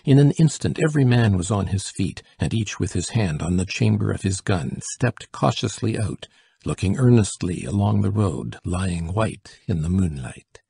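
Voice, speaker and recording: A man narrating a classic short story as an audiobook reader, steady and measured, with a gravelly, husky voice. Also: low-pitched, dry recording, studio quality. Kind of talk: scripted narration.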